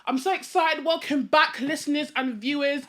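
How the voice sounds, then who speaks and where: A woman hosting a casual podcast, excitable and laughing often as she chats and reads a listener's message aloud. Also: high-pitched, normal speed. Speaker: podcast host.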